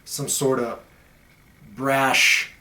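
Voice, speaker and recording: A man's voice: mid-range voice, level tone, extremely slow, bright, forceful tone. A young man talking blunt, profane and emphatic in a casual monologue as a podcast host. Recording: echoey room.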